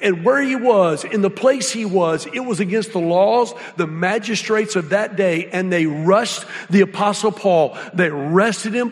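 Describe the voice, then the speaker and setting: A man preaching a sermon with a high-pitched voice, telling folksy stories with lots of animation. His voice rings with the long reverb of a large hall. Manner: animated storytelling, folksy, drops to hushed awe. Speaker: guest speaker.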